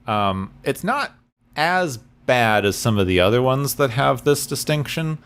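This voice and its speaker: A man's voice: mid-range voice, expressive, measured pace, fairly bright tone, smooth. A man co-hosting a podcast in casual chat, with wry, dry humor. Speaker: podcast co-host.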